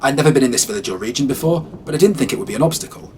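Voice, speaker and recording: A man telling a first-person horror story as scripted narration, in a calm, measured way. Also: mid-range voice, slight background noise.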